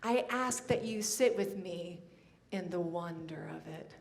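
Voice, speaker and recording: A woman minister giving a sermon, telling a personal story in a reflective way with soft pauses. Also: lowish voice, creaky.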